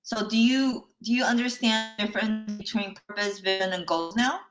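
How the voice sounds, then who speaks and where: A woman's voice: medium pitch, steady tone, normal speed, music in the background. A woman life coach giving a live online workshop, telling a personal story in a chatty way, often checking in with listeners and laughing lightly between points.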